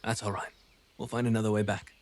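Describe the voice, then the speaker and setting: A man with a lowish voice plays his character in a tabletop game. He talks politely, with hesitant pauses. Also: flat delivery, darkish tone. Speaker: player.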